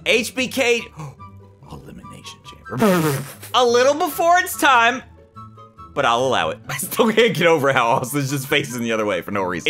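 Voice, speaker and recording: A gaming YouTuber narrates his wrestling sim playthrough in a high, bouncy, very animated voice with a bright, sharp tone. He's excitable, swinging between sudden shouted reactions and low mumbled asides. Faint music plays behind him.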